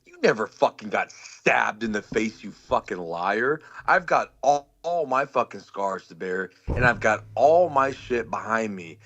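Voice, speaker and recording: A man's voice: lowish voice, lively intonation, measured pace, few pauses, fairly bright tone, slight background noise. Furious, swearing man on a lo-fi line. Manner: furious, threatening, swearing constantly. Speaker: guest on a live stream. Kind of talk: angry profane rant.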